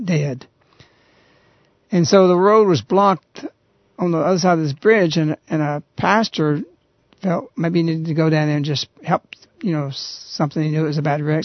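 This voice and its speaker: A man hosting a radio talk show, earnestly retelling a story in a halting, conversational way. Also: fairly high pitch, no room sound. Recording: dull, lo-fi radio recording.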